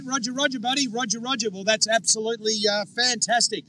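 A man's voice: very high-pitched, fairly even intonation, quick pace, pushed and bright. A man on a ham radio contact, chatty and cheery, calling people buddy and mate, heard through a noisy radio signal.

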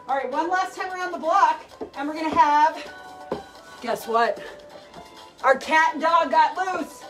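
Very high-voiced woman leading a kids' workout. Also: lively intonation, unhurried, long pauses. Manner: encouraging, calls out moves and cues. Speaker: fitness instructor. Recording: distant mic with background music.

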